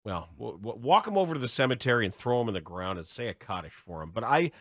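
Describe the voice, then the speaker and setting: A man's voice: mid-range voice, very animated, fast, no room sound. Sardonic male sports radio host, dry studio. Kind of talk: sports talk radio discussion.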